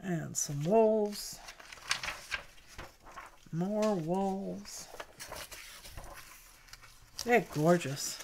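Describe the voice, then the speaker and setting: A woman's voice: mid-range voice, lively intonation, slow pace, long pauses, noisy background. A woman hosting a craft livestream, chatting casually and cooing over mail she opens, a little tired. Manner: cooing and chatty, greets viewers by name. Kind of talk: casual chat opening mail.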